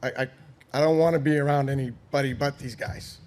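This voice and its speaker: A man's voice: medium pitch, fairly even intonation, a little fast, a little mellow. A man with a Boston accent, a guest on a podcast, talking earnestly and bluntly with casual swearing. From Boston, Massachusetts. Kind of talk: candid conversational interview.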